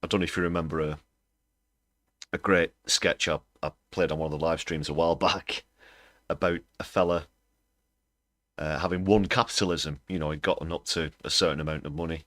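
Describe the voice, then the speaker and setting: A man's voice: sits low, fairly bright tone, no echo. A British man hosting a political livestream, talking bluntly and scornfully, with fillers as he thinks aloud. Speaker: host.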